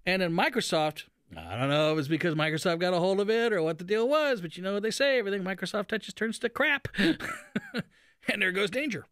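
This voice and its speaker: Lively, bright-voiced radio host. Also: male voice, high-pitched, a little fast, smooth, no room sound, studio quality. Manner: folksy and sarcastic, acts out silly voices. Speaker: radio talk show host. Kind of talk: animated radio commentary.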